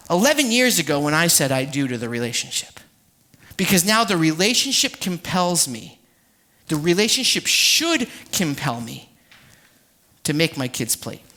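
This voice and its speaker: A man in his thirties preaching a sermon, telling self-deprecating stories in an animated way. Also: very high voice. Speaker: pastor. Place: church service, livestreamed.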